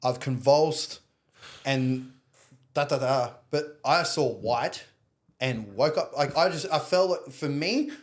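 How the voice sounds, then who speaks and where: A man's voice: mid-range voice, slow pace. A young Australian man, a podcast guest, telling a long personal story in a candid, rambling way with plenty of swearing. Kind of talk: casual storytelling interview.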